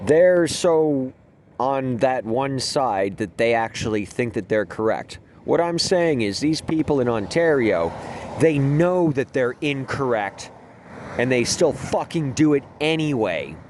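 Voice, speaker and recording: A man's voice: medium pitch, expressive, measured pace, a little mellow, a little hiss or hum. A man hosting a gaming video, telling rambling, profane stories in a casual way and laughing at his own jokes. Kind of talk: casual storytelling over gameplay.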